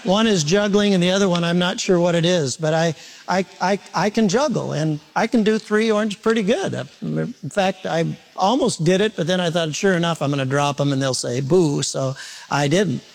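High-voiced preacher man. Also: moderate pace, gravelly. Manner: animated, questions the congregation directly; self-mocking humorous asides. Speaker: pastor. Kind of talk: sermon. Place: church service before a congregation.

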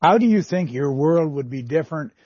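A male interviewer asking questions in a measured, deliberate way. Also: a little high, lively intonation, dark tone, breathy edge, dry recording, highs cut off.

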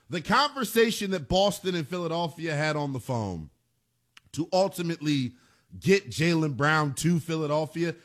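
A man's voice: fairly high pitch, fairly bright tone. A man hosting a sports talk radio show, delivering an emphatic monologue and repeating phrases for punch.

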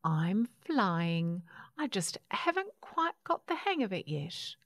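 A woman's voice: mid-range voice, big pitch swings, slow, fairly bright tone, dry recording, clean studio sound, exaggerated voice. A woman voicing a small, stubborn baby bird with a twisted wing, who snaps when upset and squeals when scared. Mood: frustrated.

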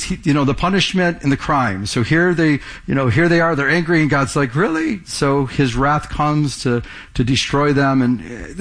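Man preaching in a fairly high voice. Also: fairly bright tone, slightly rough. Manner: conversational preaching with frequent restarts and stammered repeats. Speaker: pastor. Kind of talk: sermon.

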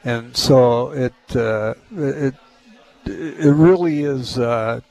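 A friendly man of middle pitch talking as a radio guest. He speaks in a halting, easygoing way, with frequent fillers between his words. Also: gravelly, a little mellow, no echo, low-quality recording. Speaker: local festival organizer. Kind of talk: casual radio interview.

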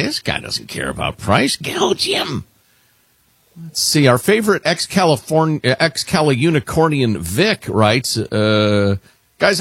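A man's voice: medium pitch, a bit bright, slightly rough, no room sound. A male talk radio host reading listener messages in casual, dry, sarcastic banter.

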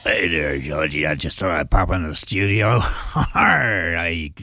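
A man voicing an old, cheeky, jovial character called Wolfman, with a gravelly, husky voice and boastful banter. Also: low voice, lively intonation, takes it slowly, bright, forceful tone, faint music behind, heavily acted.

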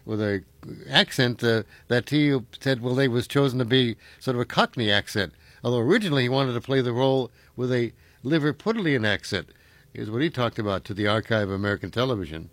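A man hosting a radio talk show, talking in a relaxed, conversational way with fillers. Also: medium pitch, dry recording. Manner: conversational, uses fillers, chuckles easily. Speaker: radio host.

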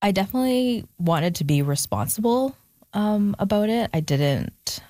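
A woman's voice: medium pitch, expressive, normal speed, dark tone, dry recording. A young adult woman, an author being interviewed, talking reflectively with frequent fillers and restarts. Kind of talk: candid conversational interview.

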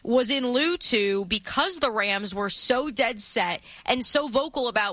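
A woman's voice: high voice, animated, measured pace, bright, forceful tone, no echo. A woman co-hosting a sports radio show, chatting casually and playfully. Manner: chatty, playful, trying out accents.

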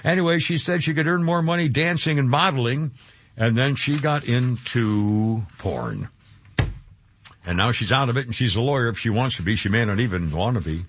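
A man's voice: medium pitch, expressive, moderate pace, a little hiss or hum. A man hosting talk radio, chatting casually about news items and rambling with many fillers and restarts. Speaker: radio host. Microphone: studio mic. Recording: dry dull radio studio sound.

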